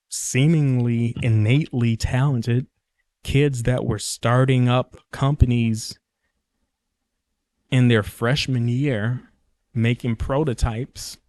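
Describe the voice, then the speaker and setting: A young man talks through his own podcast in a loose, joking monologue. He drifts between thoughts and corrects himself partway through sentences. His voice sits at an ordinary middle pitch, and the sound is close and dry with no room echo. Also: a little mellow. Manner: rambling, jokey, often corrects himself mid-sentence. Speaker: podcast host. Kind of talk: casual solo podcast monologue.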